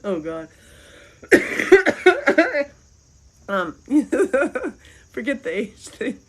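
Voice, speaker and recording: A woman's voice: sits high, very animated, drawn-out words, slightly rough, rough recording. A middle-aged woman chats loosely to her livestream viewers. She rambles from one thought to the next and breaks into giggles often. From American South. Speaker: livestream host. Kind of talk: casual livestream chat reading comments.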